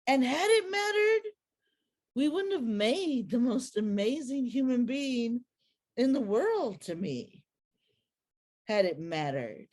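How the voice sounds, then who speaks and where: A woman telling a personal story to an audience in a lively, slangy, conversational way. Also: sits high, slow pace, pauses often.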